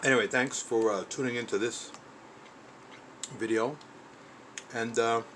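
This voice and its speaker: A man's voice: medium pitch, fairly even intonation, a little slow, a bit bright, slight background noise, poor audio. A man hosting his own cooking vlog, chatty and enthusiastic, talking while he eats in his home kitchen. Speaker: cooking channel host.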